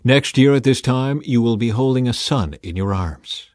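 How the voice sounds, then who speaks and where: A man's voice: medium pitch, expressive, moderate pace, darkish tone, dry recording, studio quality, lightly acted. A man voicing an old prophet in a storybook reading, giving firm instructions in a slightly raised voice. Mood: commanding. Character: commanding old male prophet.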